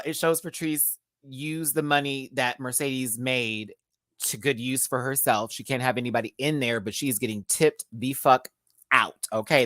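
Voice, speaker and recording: A woman's voice: a bass voice, dry recording, studio quality. A woman from the States, chatting and laughing often as she reviews a TV episode live from a home setup with a ring light. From Southern United States. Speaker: TV show reviewer.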